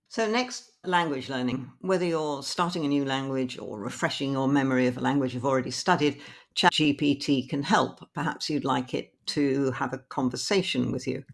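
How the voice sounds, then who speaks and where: A British woman presenting a screen-recorded tutorial in a plain, explanatory way, slowly reading her typed prompts aloud. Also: rumbling low, vocal fry, slightly rough.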